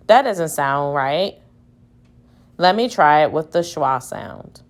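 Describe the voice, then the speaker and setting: A woman teacher slowly sounding out word syllables aloud in a phonics lesson. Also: low voice.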